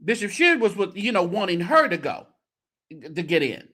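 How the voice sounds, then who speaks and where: Man with a lively, swooping voice. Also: high voice, moderate pace. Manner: exasperated, sarcastic asides. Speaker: host of a church commentary show. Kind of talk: reacting to a clip, casual commentary.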